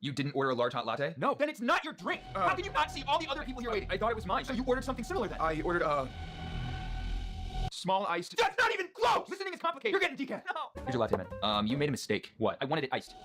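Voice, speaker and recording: A young man races through comedy sketches in a high, bright voice, all snappy sarcasm and rude comebacks. His pitch jumps around constantly as he flips between characters. Light music runs faintly underneath. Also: huge pitch swings, very fast. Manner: snappy, sarcastic back-and-forth.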